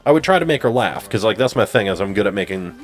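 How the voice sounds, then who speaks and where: A man's voice: on the low side, animated, quick pace. A man telling a long, rambling personal story in casual chat, with lots of fillers and laughs at himself. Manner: rambling, filler-heavy, laughing at own stories. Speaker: gameplay co-host.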